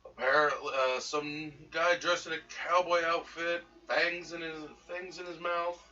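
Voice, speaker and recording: A man's voice: fairly high pitch, little pitch movement, a little slow, bright, forceful tone. Man, tabletop player, hesitant, in character, distant mic, dull lo-fi sound. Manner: hesitant, with frequent fillers.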